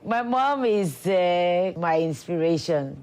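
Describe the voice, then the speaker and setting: A woman's voice: on the low side, expressive, slow pace, darkish tone. A middle-aged woman, an actress turned politician, speaking candidly and reflectively in an interview. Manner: candid, reflective, laughs often. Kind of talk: personal documentary interview.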